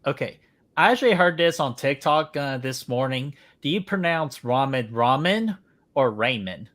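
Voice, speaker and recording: A man's voice: a little high, lively intonation, moderate pace, a bit bright. A man hosting a movie watch-party stream, joking around and welcoming viewers from the chat. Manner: playful, jokey, welcomes viewers by name. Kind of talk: casual chat over a movie.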